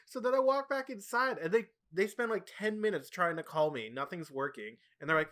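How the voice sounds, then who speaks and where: A man hosting a podcast in casual chat, telling animated stories and swearing freely. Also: sits high, quick pace, few pauses. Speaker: podcast host.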